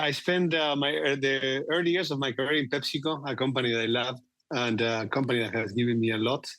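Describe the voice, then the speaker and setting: A man's voice: medium pitch, fairly bright tone, dry recording. A man in his forties with an Argentinian accent, a guest talking about his career with many "you know" fillers. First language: Spanish. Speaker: guest executive. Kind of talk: conversational interview.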